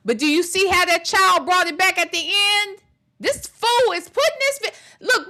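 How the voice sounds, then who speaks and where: A woman's voice: sits high, bright, forceful tone. A woman hosting a reaction commentary on a video clip, talking bluntly and profanely with exasperation and repeating phrases for emphasis. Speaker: gossip commentary host.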